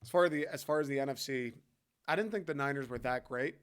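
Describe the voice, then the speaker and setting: A man hosting a casual sports podcast, talking in a loose, heated rant full of swearing. His voice sits at an everyday middle pitch. He keeps it conversational and chummy, as if talking to a buddy. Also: quick pace, clear, resonant tone. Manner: profane, fired-up rant; loose and conversational, talks to the listener as "dude". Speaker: podcast host.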